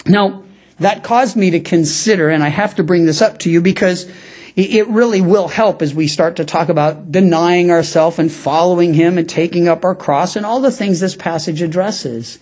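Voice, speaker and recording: A man's voice: high-pitched, normal speed, a little mellow. A man preaching an expository Bible teaching sermon as pastor, in a conversational way with frequent asides, acting out quoted lines.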